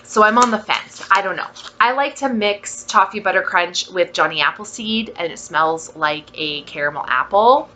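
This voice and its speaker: A woman vlogger giving a casual product review, gushing with drawn-out exclamations and soft whispered asides. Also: on the low side, a little hiss or hum.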